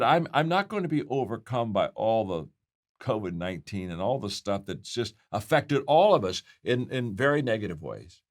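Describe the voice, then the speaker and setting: An older man giving a motivational leadership talk, emphatic, repeating key phrases and often restarting his sentences. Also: mid-range voice. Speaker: leadership speaker. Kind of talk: motivational talk to a live audience.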